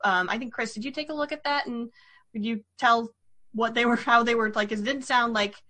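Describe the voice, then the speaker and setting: A woman's voice: fairly high pitch, a little fast, sharp tone. A woman hosting a podcast in casual chat, rambling with lots of fillers and restarts. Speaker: podcast host.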